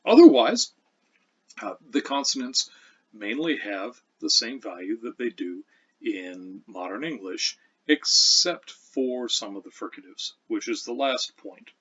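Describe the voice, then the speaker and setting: A man teaching a lesson, explaining pronunciation patiently and reading old verse aloud slowly. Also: medium pitch, big pitch swings, fairly bright tone, breathy edge, highs cut off. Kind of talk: lecture with recitation.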